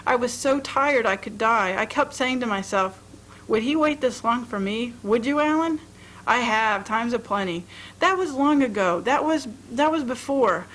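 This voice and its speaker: A tired young woman, lovesick and pleading, spills out her feelings in a raised, emotional voice, as a woman reading a story puts her on. Her tone sits well above an ordinary speaking pitch, with faint room noise behind. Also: lively intonation, normal speed, a bit bright, rough recording.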